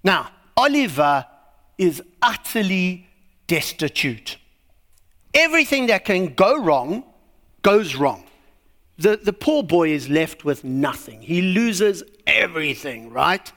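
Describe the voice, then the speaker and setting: A man's voice: high-pitched, sing-song, slow pace, fairly bright tone. A man preaching a sermon, telling a story with a lot of animation and asking rhetorical questions.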